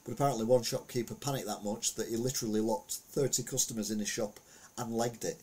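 A middle-aged man talks through the week's news in a loose, chatty way, drifting into stories and side remarks. His voice is husky and sits at an ordinary pitch. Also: steady tone, fast talker, a little mellow. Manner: rambling, chatty, anecdotal with asides. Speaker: news commentary host. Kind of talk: casual commentary on the week's news.

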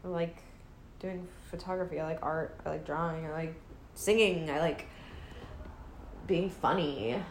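A woman's voice: low voice, a little slow, pauses often. Rambling, jokey young woman in a roomy room. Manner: rambling, self-mocking and joking. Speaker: podcast host. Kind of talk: casual solo chat. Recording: roomy with faint hiss.

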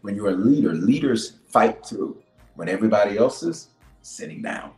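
A man's voice: fairly low pitch, animated, moderate pace. Emphatic preaching man, roomy echo. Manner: emphatic preacher with big swings from loud to hushed; repeats key lines for emphasis. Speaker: bishop. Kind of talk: preaching a leadership sermon. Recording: roomy echo with faint music.

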